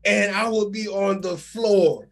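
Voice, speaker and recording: A man's voice: high voice, fairly even intonation, takes it slowly, a bit bright. A man co-hosting a casual podcast chat, telling stories in an easygoing way and laughing along. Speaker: podcast co-host.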